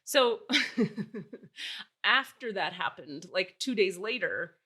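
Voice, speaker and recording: A woman in her forties with a bright, sharp tone. She tells a personal story in a casual podcast chat. She sounds candid and exasperated, swears freely, and acts out the dialogue. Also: medium pitch, unhurried. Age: 40s. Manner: animated, acts out dialogue while telling stories. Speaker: podcast host.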